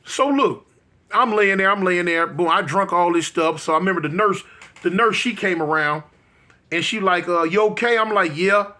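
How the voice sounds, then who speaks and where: A man's voice: high voice, moderate pace, sharp tone. A man in his fifties telling a comic personal story in a colloquial way, talking straight to his listeners and acting out the scenes with vocal sound effects and exclamations. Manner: addresses listeners directly, colloquial.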